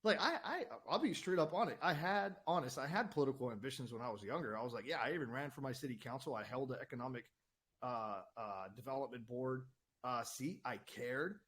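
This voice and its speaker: A man's voice: mid-range voice, brisk, fairly bright tone. A man ranting heatedly on his own channel, swearing often, repeating words and asking "right?" again and again. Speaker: channel host. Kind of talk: heated political rant.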